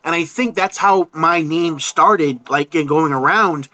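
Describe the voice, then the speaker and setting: Halting, rambling male podcast guest. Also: fairly high pitch, bright, forceful tone, no echo, rough recording. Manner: halting, rambling, many restarts and "you know". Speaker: podcast guest, horror artist. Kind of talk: casual interview chat.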